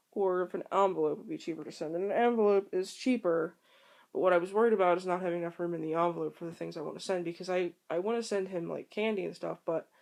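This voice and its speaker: A woman's voice: on the low side, creaky, darkish tone. A young woman talking casually to the camera at home, rambling and candid with many ums and restarts. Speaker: vlogger.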